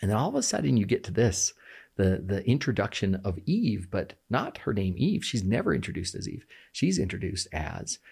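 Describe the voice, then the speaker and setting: On an animated podcast, a male guest explains scripture with passion and emphasis, often restarting his sentences. His voice is fairly low, gravelly and darkish, a bit rough, with big pitch swings at a moderate pace.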